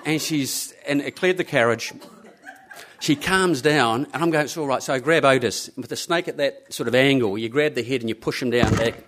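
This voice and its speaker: Male storyteller, live to a crowd, middle pitch, animated, plays out every character. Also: normal speed. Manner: animated, acts out the people in his story.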